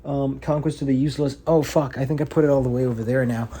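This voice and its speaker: A man's voice: mid-range voice, fairly even intonation, fast, mellow, slightly rough. A young man talking at home in a casual, reflective vlog monologue, rambling and earnest with some casual swearing. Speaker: vlogger and aspiring actor.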